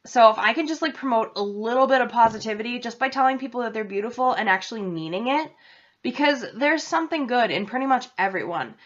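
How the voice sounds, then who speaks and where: Young woman, from new england, chatty, rambling, higher voice, dull lo-fi recording. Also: animated, fast. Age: young adult. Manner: rambling, chatty, self-interrupting. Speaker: vlogger. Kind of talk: casual vlog chat.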